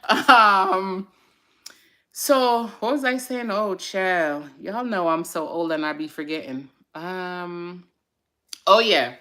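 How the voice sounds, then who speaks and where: A woman's voice: on the low side, takes it slowly, bright, forceful tone. A woman hosting a casual live-stream chat on mental health, chatty and encouraging. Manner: chatty and encouraging, with fillers and side remarks to viewers. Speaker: host of a mental health segment.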